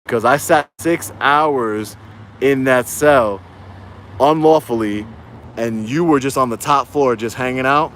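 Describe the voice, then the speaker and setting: A man's voice: medium pitch, measured pace, fairly bright tone, a little hiss or hum. A man livestreaming from his phone outdoors, ranting in a heated, repetitive way and rallying his viewers. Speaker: YouTube auditor livestreaming. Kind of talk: angry livestream rant.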